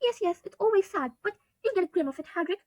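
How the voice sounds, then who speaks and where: A woman reading the lines of a stern older female witch professor, speaking in a hushed, whispering way, in a storybook reading. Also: extremely high pitch, animated, fast, no echo, studio quality, pitched above the performer's own voice.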